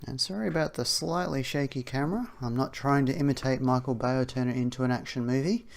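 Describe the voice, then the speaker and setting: A man leading an outdoor exercise warm-up, talking through the moves with chatty asides. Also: medium pitch, quick pace, gravelly. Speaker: exercise instructor. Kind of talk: guided warm-up instruction. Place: outdoors on a windy day.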